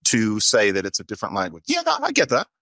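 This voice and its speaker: Man, lively swooping intonation, conversational explainer, dry close sound. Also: on the low side, fast, no room sound. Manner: animated, expressive intonation. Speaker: guest linguist.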